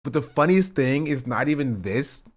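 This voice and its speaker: A man's voice: medium pitch, animated, moderate pace. A man hosting a casual reaction stream, rambling and amused as he talks to his chat.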